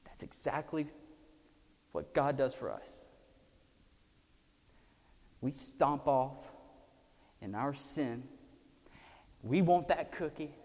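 A man preaching a sermon, swinging from loud emphasis down to hushed, almost whispered lines. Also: mid-range voice, lively intonation, slow pace, pauses often. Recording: long hall reverb.

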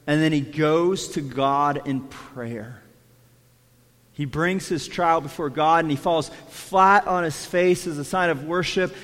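A man preaching a sermon as pastor, dropping to hushed lines and then rising to emphatic ones, and acting out quoted prayers with feeling. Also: high voice, in a large hall. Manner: swings between quiet hushed lines and raised emphatic ones.

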